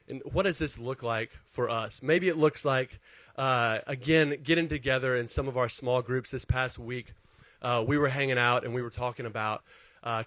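A male pastor preaches a conversational sermon in a relaxed manner, his voice at an ordinary middle pitch. He shares personal stories with animated, self-deprecating humor, recorded close and dry with no room echo.

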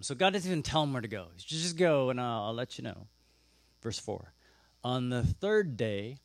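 A man preaching a sermon, telling the story with lively asides and acting out the characters. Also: mid-range voice, dry recording. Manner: animated storytelling, acts out characters with gasps and asides. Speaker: pastor.

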